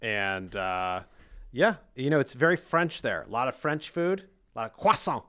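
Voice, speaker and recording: Bright-voiced male podcast host. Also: mid-range voice, normal speed. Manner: playful storyteller, animated, laughs often. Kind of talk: casual chat.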